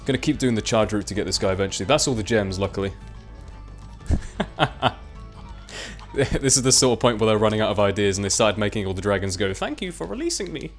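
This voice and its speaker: A young man comments on a video game as he plays, chatty and self-mocking. His voice sits fairly low, and soft game music plays underneath. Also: fairly even intonation, rapid-fire. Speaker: let's play commentator. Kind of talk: casual gameplay commentary.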